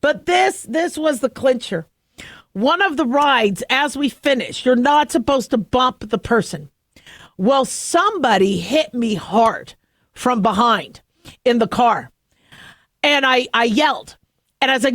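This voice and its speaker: A woman's voice: high voice, very animated, moderate pace, a bit bright, no room sound, studio quality. A middle-aged woman radio talk show host telling a chatty, self-mocking story with frequent laughs. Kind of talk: casual monologue. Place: radio studio.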